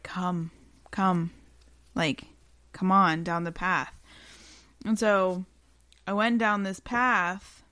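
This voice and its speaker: A woman co-hosting a podcast who recounts things in halting, rambling casual chat, full of fillers and restarts. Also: medium pitch, a bit bright, no room sound. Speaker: podcast co-host.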